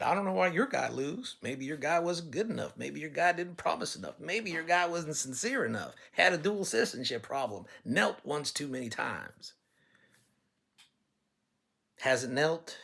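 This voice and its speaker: A man's voice: on the high side, creaky, a bit bright, slightly rough. A man running for office, speaking straight to listeners in a blunt, folksy way and telling stories to make his point. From California. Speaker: political candidate. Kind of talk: campaign talk to listeners.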